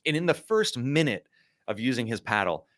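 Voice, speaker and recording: Animated, rambling male storyteller. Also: medium pitch, moderate pace, dry recording, studio quality. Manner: animated, rambling with many "like" and "you know". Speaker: podcast guest. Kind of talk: casual storytelling.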